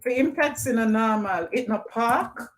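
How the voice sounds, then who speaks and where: A woman hosting a casual livestream, animated and playful, slipping into patois and put-on accents. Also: fairly high pitch, unhurried. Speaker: livestream host.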